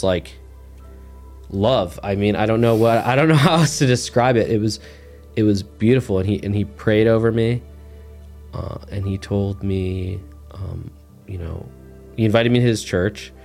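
Man, deep voice, relaxed storytelling, lots of filler words, faint music behind. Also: creaky. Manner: relaxed, rambling, heavy use of "like" fillers. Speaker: guest sharing a testimony. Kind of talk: casual storytelling interview.

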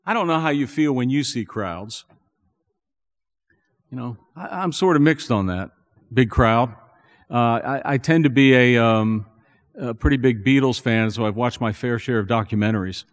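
Male pastor, earnest sermon delivery with rising emphasis; medium-pitched voice with long hall reverb. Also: moderate pace. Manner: earnest, building to animated emphasis.

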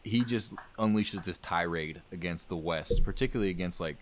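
Low-voiced guy rambling thru some history, swears a lot, jokey. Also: normal speed, noisy background. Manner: loose, profane, jokey storytelling. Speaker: podcast co-host. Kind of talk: casual history chat.

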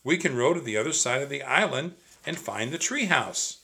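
A man voicing an eager, bold young girl who talks in a high, breathless, pleading way. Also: lively intonation, moderate pace, vocal fry, sharp tone.

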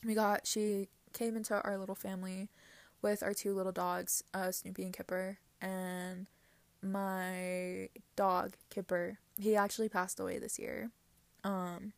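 A woman's voice: medium pitch, flat delivery, a little slow, no room sound. A young woman hosting a casual solo podcast, chatty and giggly, rambling with lots of fillers. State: teary-eyed. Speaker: podcast host.

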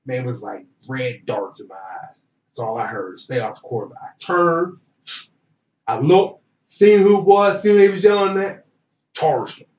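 In a mid-range voice at a moderate pace, a man who once played college football tells an animated story, full of slang and acted-out quotes. The recording comes across dull, roomy, and distant.

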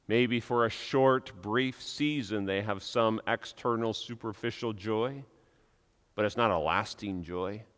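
A male pastor delivers an earnest, emphatic sermon, leaning on repetition to drive his points home. His voice is bright and clear, with a smooth, resonant tone. The sound carries the long reverb of a church sanctuary. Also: fairly low pitch.

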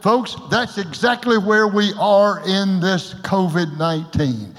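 An older man preaching a sermon as pastor, folksy and joking, with sudden loud shouts. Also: sits high, slow pace, in a large hall. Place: church sanctuary.

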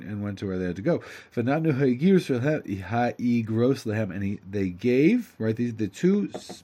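A man teaching a lesson in an animated, chatty way, reading a story aloud, translating it and breaking into asides. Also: mid-range voice.

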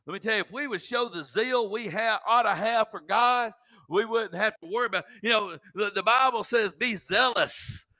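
Fervent high-voiced male preacher. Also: brisk, sharp tone. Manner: fervent, exhorting preaching with folksy asides. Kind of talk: sermon.

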